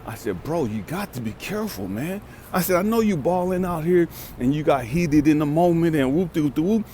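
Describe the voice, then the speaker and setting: A man in his fifties tells a story in rough street talk, cursing and repeating lines for weight. His voice sits high for a man and swings widely up and down as he drives his point home. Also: animated, fairly quick, dark tone, slight background noise. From California. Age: 50s. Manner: emphatic, street-talking, repeats for stress. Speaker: life coach and vlogger. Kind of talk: profane storytelling monologue.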